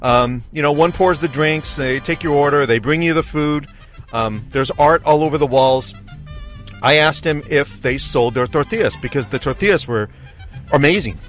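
A man's voice: fairly high pitch, normal speed, fairly bright tone, soft background music. Upbeat man telling a food story. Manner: enthusiastic storytelling. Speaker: food show host. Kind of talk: casual chat. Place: in a vehicle.

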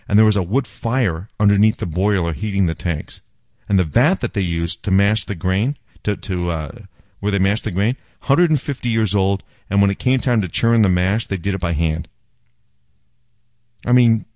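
A man's voice: on the low side, a little mellow, no echo, studio quality. A man hosting a casual beer podcast, enthusiastic and self-mocking as he chats and jokes. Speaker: podcast host.

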